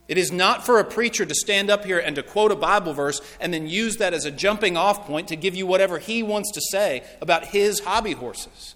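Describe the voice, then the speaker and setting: A man's voice: high voice, animated, moderate pace, few pauses, sharp tone. A man preaching a sermon as pastor, earnest and emphatic, with repeated phrases, in a church. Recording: long reverb of a large hall.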